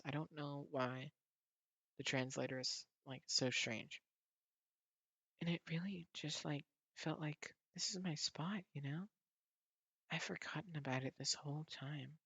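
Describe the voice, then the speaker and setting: A man voicing a tired young office woman with a soft, whispery voice, reading a comic aloud. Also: a little high, slightly rough, no room sound, full character voice.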